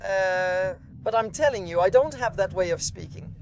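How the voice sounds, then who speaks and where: A woman's voice: medium pitch, lively intonation, normal speed, few pauses, slight background noise, rough recording. A woman, an automotive TV journalist, chatting casually from inside a car and explaining things with many asides. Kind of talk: casual conversation.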